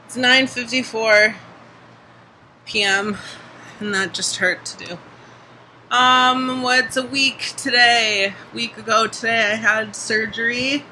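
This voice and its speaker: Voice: mid-range voice, steady tone, takes it slowly, sharp tone, a little hiss or hum, poor audio. A young adult vlogger talking casually in a video diary, chatty, full of "like" and casual swearing.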